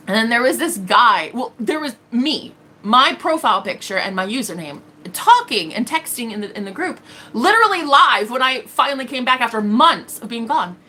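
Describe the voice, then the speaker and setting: Woman, bright tone, fairly high voice, blunt, profane, casual livestream monologue. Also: slight background noise. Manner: blunt, profane and defiant, tells stories with quoted voices. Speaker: tarot reader and livestream host.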